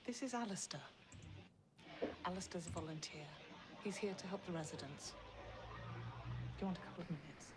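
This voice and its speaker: An actress playing a cheerful, coaxing care worker who introduces a volunteer to a resident. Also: female voice, on the low side, animated, a little fast, pauses often, natural voice. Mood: reassuring. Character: brisk kindly woman care worker. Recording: noisy film soundtrack.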